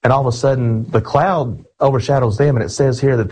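Husky-voiced man preaching a sermon. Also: mid-range voice, fairly even intonation, a little fast, few pauses, a little mellow, low-quality recording. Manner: earnest, emphatic, addresses listeners as friends.

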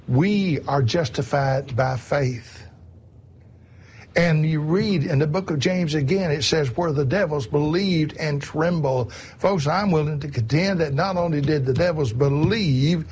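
A man's voice: a little high, a little mellow, slightly rough. A man preaching a sermon in an earnest, repetitive way, often calling his listeners "my friends".

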